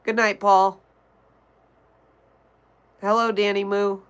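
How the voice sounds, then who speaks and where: A woman's voice: medium pitch, flat delivery, slow, smooth, poor audio. A young woman from Connecticut hosting a casual livestream, chatting and greeting viewers by name as she reads the chat. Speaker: livestream host.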